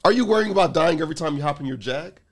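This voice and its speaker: A man's voice: on the high side, lively intonation, rapid-fire, a crowd in the background. A man co-hosting a casual podcast, cracking crude jokes and laughing often. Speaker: podcast co-host.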